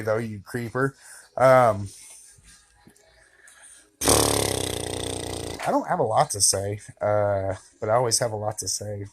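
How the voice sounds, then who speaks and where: A man vlogging a casual, meandering monologue to camera, full of fillers and joking asides but candid and reflective. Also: lowish voice.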